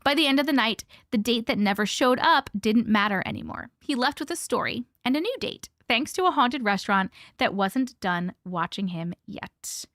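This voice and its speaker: A woman hosting a casual live stream, chatting with viewers and reading stories aloud with hushed dramatic pauses. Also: a little high, animated, dry recording, clean studio sound.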